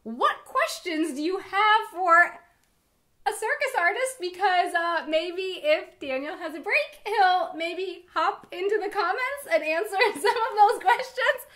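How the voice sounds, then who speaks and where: A woman's voice: extremely high pitch, animated, unhurried, fairly bright tone. A woman hosting a casual interview, chatty and giggly, with lots of fillers. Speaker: host.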